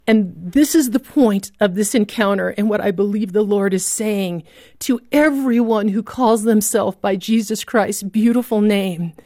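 A woman's voice: mid-range voice, a little slow, dark tone, no room sound, clean studio sound. A woman giving an earnest, emotional testimony of a personal story, with vivid storytelling. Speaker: guest telling a personal story.

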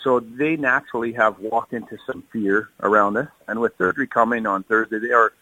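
A man's voice: medium pitch, a little fast, pushed and bright, no room sound, lo-fi sound. A man speaking earnestly and emotionally in a phone interview, often repeating words as he searches for them. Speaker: kidney donor, firefighter. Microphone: phone call.

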